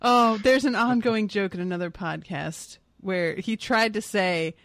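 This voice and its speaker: A podcast co-host chatting casually about a book, animated and joking with playful asides. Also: medium pitch, unhurried, hardly any pauses, no echo, clean studio sound. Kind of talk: casual book discussion chat.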